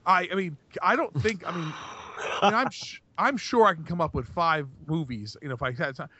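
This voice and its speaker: Man, podcast co-host, rambling, lots of restarts, fairly high voice, dull muffled sound. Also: a little fast, sharp tone. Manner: rambling, many restarts and fillers. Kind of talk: casual podcast chat. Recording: dry, dull lo-fi podcast mic.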